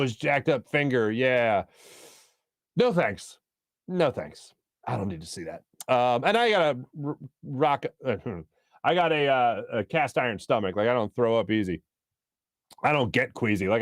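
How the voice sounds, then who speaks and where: A sports talk host in his thirties, chatting with his viewers and laughing at their comments. His voice sits a bit high for a man. It is recorded dry and close, with no room echo. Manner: chatty, jokey, laughs often. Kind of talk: casual live-stream chat reading viewer comments.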